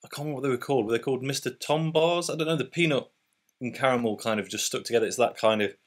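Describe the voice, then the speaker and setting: A man's voice: mid-range voice, racing. A British man hosting a casual beer review vlog, chatty and upbeat with loose fillers. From Britain.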